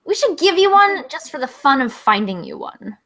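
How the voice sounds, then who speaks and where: A young woman co-hosting a nerdy comedy podcast in a high, bright voice. She chats loosely and laughs a lot. She keeps nudging the talk back to the next topic. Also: big pitch swings, moderate pace. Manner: chatty, laughs often, steers the conversation. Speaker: co-host. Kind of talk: casual comedy podcast chat.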